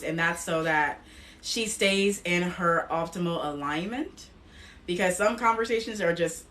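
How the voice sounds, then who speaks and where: Bright slow-talking woman coach. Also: lowish voice, distant mic. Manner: slow, emphatic affirmations with upbeat encouragement. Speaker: wellness coach and show host. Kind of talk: live-streamed affirmation and tapping session.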